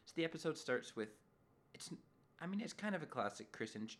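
A man's voice: on the high side, brisk. A man co-hosting a podcast, casually recapping a radio drama episode and acting out bits of dialogue. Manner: animated, mimics characters in funny voices. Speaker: podcast co-host.

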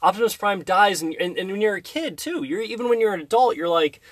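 A man in his thirties chatting casually on a podcast, telling a story in an animated way. He hums tunes and acts out scenes. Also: high voice, a little fast, few pauses, no room sound.

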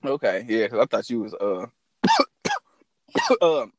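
Speaking at a measured pace with a fairly low pitch and no echo, this St. Louis man hosts his podcast through a phone call recording. His casual chat is loose, full of slang and profanity.

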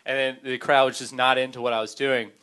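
Clear-voiced man telling stories. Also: medium pitch, fast. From Memphis, Tennessee, US. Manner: animated anecdote telling, self-deprecating. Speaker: improv comedian guest. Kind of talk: casual chat, storytelling.

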